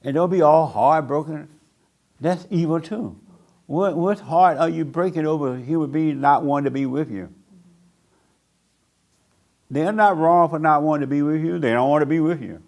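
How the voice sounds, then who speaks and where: An older man preaching a blunt sermon to a small group, mocking people by acting them out in a higher voice. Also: moderate pace, gravelly, pauses often, a little mellow. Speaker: pastor.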